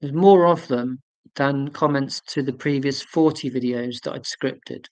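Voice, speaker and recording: A man's voice: mid-range voice, unhurried, a little mellow, no echo, rough recording. A man in his forties hosting a casual live stream. He rambles chattily, answering viewer comments with fillers and self-corrections. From United Kingdom.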